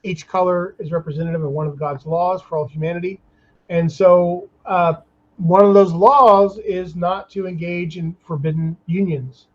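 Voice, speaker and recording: A man's voice: sits high, steady tone, moderate pace, darkish tone, dull audio. A man in casual chat, rambling and chatty, with many restarts. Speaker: guest, comics artist.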